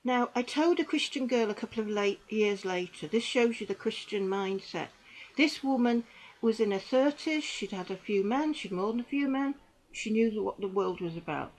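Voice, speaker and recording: A middle-aged woman gives earnest personal testimony to camera, halting and repeating herself. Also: mid-range voice, expressive, rough recording. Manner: halting and repetitive, with restarts; earnest and emotional, with bitter dark humour. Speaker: survivor giving testimony.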